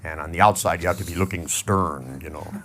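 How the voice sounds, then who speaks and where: A man's voice: deep voice, brisk, fairly bright tone, a little hiss or hum. A middle-aged man giving a humorous motivational talk to a live audience, joking and acting out little scenes as he tells stories. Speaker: seminar speaker.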